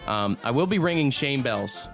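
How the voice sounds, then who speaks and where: A man's voice: medium pitch, animated, moderate pace, creaky. Male morning radio host, teasing, music bed.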